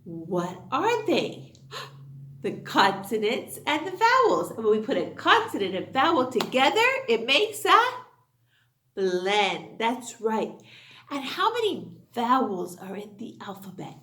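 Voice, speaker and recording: A woman teaching a children's phonics lesson in an exaggerated, sing-song way, gasping with excitement as she asks questions. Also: a little high, takes it slowly, echoey room, slight background noise.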